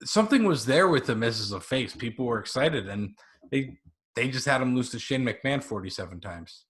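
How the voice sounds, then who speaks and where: A man in his twenties chatting casually as a podcast guest, eager and a little rambling. His voice sits at an everyday middle pitch. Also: animated, a little fast, a bit bright. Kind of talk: casual review chat.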